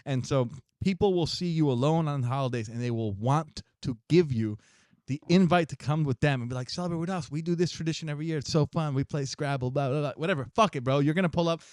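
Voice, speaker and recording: A man's voice: fairly high pitch, fast talker, darkish tone, no room sound, studio quality. A young man co-hosting a podcast in a rambling, slangy chat, with lots of restarts and laughter. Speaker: podcast co-host. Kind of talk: casual chat.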